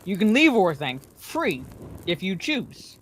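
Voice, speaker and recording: A woman's voice: medium pitch, big pitch swings, takes it slowly, a little hiss or hum. A woman reading aloud, voicing an old male wizard who speaks sternly and with authority. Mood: weary. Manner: stern and commanding.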